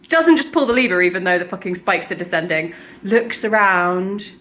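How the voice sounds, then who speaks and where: A woman's voice: on the low side, moderate pace, a bit bright. A young woman recapping a fantasy novel in a casual, sweary chat, full of wry asides. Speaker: book vlogger.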